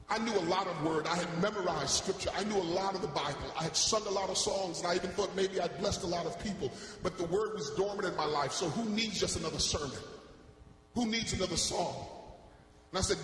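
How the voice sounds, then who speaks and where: Preacher, man, high voice, passionate storyteller, church hall echo. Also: fast talker. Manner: passionate storytelling, swinging from soft to loud. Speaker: gospel singer giving testimony. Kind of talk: sermon testimony. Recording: echoey church hall, faint hum.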